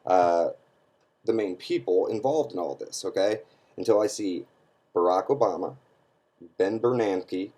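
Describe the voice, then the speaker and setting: A man's voice: on the low side, dark tone. A man giving an emphatic, scornful opinion rant to camera, often checking in with his listeners by asking "okay?". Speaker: online commentator.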